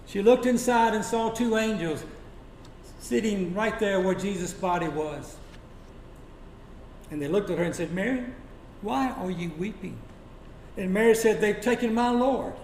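A man preaching a sermon, telling Bible stories dramatically and dropping to a hush for quoted lines. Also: high voice. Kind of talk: sermon storytelling. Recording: echoey room with faint noise.

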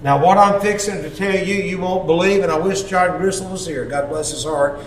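A man preaching a testimony as a folksy storyteller, acting out quotes with sudden shouts. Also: sits high, moderate pace, slight background noise. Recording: echoey hall, mic far off.

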